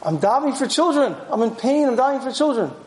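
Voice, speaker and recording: A man's voice: very high-pitched, very animated, fairly quick, a little mellow, slight background noise. A man voicing a desperate woman pleading through tears, in an echoey room.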